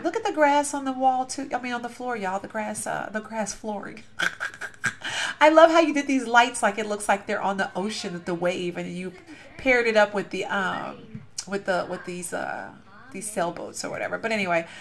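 A woman's voice: mid-range voice, expressive, normal speed, fairly bright tone. Young woman host, casual game commentary, gushing and rambling, easily sidetracked. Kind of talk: casual gameplay commentary and storytelling.

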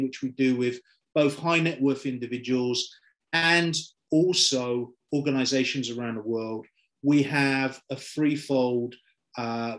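Over a video call, a middle-aged man from London pitches a product in an upbeat online presentation, his accent plainly London English. He speaks at medium pitch with a fairly bright tone, peppering his talk with "okay?" and "right?"

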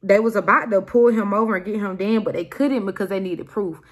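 Animated young woman telling a story. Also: mid-range voice, brisk. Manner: animated, emphatic retelling. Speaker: vlogger. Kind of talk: casual storytime.

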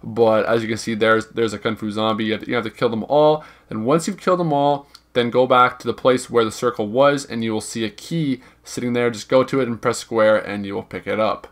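A man's voice: medium pitch, steady tone, fairly quick, hardly any pauses. Young man rambling through a game walkthrough. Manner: rambling and informal, hedges numbers, repeats himself. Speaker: gaming video guide creator. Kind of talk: casual gameplay walkthrough narration.

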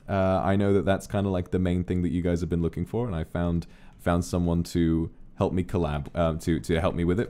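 A man chatting casually on a livestream, relaxed and a little drowsy, telling stories and thanking viewers. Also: low-pitched. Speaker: streamer. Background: faint music.

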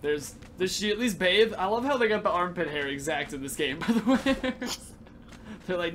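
Excitable high-voiced male gamer. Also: moderate pace, soft background music. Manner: excitable, joking, laughs a lot. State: tired, late at night. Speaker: gaming channel host. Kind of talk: casual gameplay commentary.

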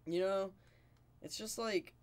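A young man gaming with a friend, joking and cursing a lot with loud outbursts. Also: high voice, slow. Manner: profane, teasing, loud outbursts. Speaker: gamer. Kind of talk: casual gaming banter. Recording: gameplay noise behind the voice.

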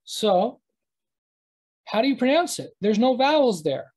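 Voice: mid-range voice, very animated, darkish tone, breathy edge, rough recording. A teacher giving a live online lesson, talking at a computer mic while screen-sharing and often stopping to correct themselves. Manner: halting, self-correcting, thinks aloud.

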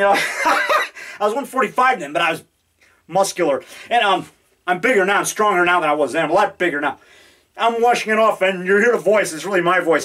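A man's voice: high voice, a bit bright. A man in his fifties making a rambling, boastful, jokey vlog to a camera in his home basement. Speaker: low-budget horror filmmaker. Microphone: camera mic.

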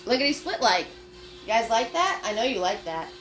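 A woman's voice: fairly high pitch, big pitch swings, a little fast, a bit bright, soft background music. A woman leading a live-streamed painting class, chatty and upbeat as she talks viewers through each step. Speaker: paint party instructor.

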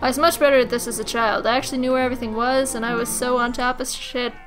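A tipsy young woman hosts a let's-play over game music, her voice a little high, fairly even in intonation, and fast. Her commentary is brash and foul-mouthed.

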